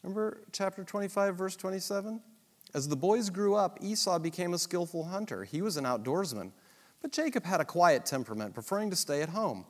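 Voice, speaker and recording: Male Bible teacher, dramatic storyteller, lively pitch, reverberant hall. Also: a little fast. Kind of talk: scripture reading with commentary.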